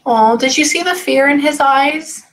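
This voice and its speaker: Woman medium, keeps stopping to listen, slips into soft near whispers, bright tone. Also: high voice. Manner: halting, keeps breaking off to listen. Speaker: psychic medium. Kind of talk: casual reading session. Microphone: recorded session.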